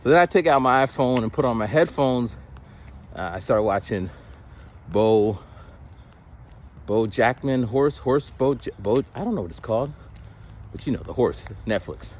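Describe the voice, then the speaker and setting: Man telling a rambling story. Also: mid-range voice. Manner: rambling, animated, many restarts, acts out voices. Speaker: vlogger. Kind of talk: casual storytelling to camera.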